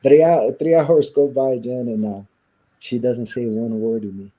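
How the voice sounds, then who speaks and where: A man's voice: mid-range voice, steady tone, unhurried, warm tone. A man in an interview, casually telling his life story with lots of quoted back-and-forth and fillers. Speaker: interview guest.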